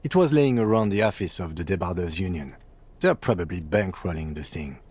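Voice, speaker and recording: Reserved game cop: low, a bit husky, dry and matter-of-fact. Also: male voice, animated, a little fast, darkish tone.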